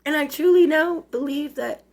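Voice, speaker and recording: Tearful and emotional, a woman in her forties vlogs a confessional monologue straight to camera, her voice sitting high as she repeatedly stops and restarts.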